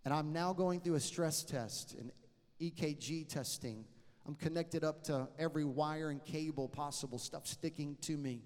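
A man's voice: fairly high pitch, normal speed. A man preaching a sermon, telling a personal story with humor and acting out both sides of a conversation. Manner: lively, joking, acts out dialogue. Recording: reverberant hall.

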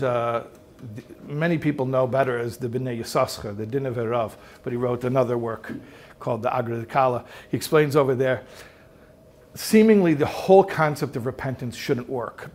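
Emphatic man giving a religious talk. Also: mid-range voice. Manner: emphatic, swells and drops in loudness, asks rhetorical questions. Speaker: rabbi teaching a class. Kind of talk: conversational religious teaching.

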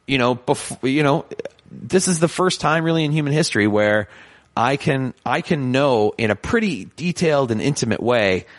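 A man hosting a podcast in casual chat, animated and joking, rambling with restarts. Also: mid-range voice, dry recording. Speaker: podcast host.

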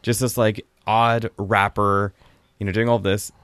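A man's voice: on the low side, level tone, a little slow, fairly bright tone, clean tone, no echo, studio quality. A man hosting a casual podcast chat, reviewing a film in a rambling, chatty way with frequent laughs.

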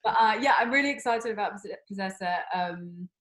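A young woman talks casually as an interview guest. She laughs easily and fills her pauses with ums. Her voice sits at a middle pitch for a woman. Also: fairly bright tone, poor audio. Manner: laughing, chatty, with many fillers.

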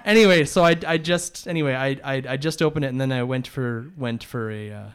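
A man's voice: mid-range voice, brisk, smooth. A man, a podcast co-host, telling a long story in a rambling casual way, full of restarts and short laughs.

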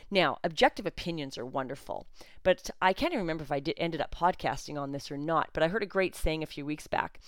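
A woman's voice: fairly low pitch, no room sound. A woman, a coach and podcast host, talking in a blunt, outspoken way in a solo podcast monologue. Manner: sarcastic at times.

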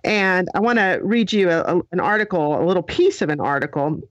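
Middle-aged woman hosting her podcast, chatty and lively, dry close sound. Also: fairly low pitch, a little fast, dry recording, highs cut off. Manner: chatty, animated, addressing listeners directly. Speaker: podcast host. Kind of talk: casual podcast chat.

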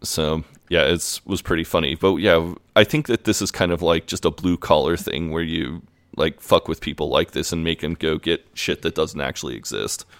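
Deep-voiced man, dry close sound. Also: moderate pace, fairly bright tone, no echo. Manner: easygoing, loose speech full of "like" and "you know". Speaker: podcast co-host. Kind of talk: casual episode recap and review.

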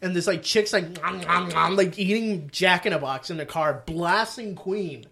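A man's voice: high-pitched, moderate pace, gravelly, pushed and bright. A young man co-hosting a casual comedy podcast, telling a story with lots of swearing and laughter. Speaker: podcast co-host.

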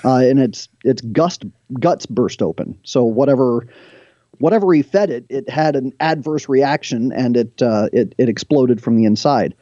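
A man who is a guest on the show, retelling stories from scripture in an animated way and reading passages aloud. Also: medium pitch, moderate pace, dry recording, muffled recording.

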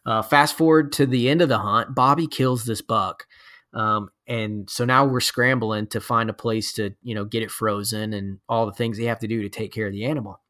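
A man's voice: fairly low pitch, fairly even intonation, normal speed, sharp tone. A man who is a podcast guest, telling a long hunting story in a casual, rambling way with lots of fillers. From Florida.

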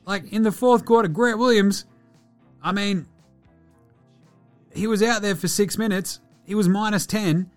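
An Australian man hosting a casual sports podcast, blunt and excitable and swearing freely as he runs through the night's games. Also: high voice, measured pace, pauses often, soft background music. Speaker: podcast host.

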